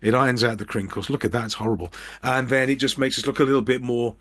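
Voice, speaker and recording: A middle-aged man from Birmingham, England, coaching on business, delivers casual office tips directly to camera, peppered with dry, self-mocking wit. His medium-pitched voice is steady, a bit bright and quick, filmed at eye level under a ring light.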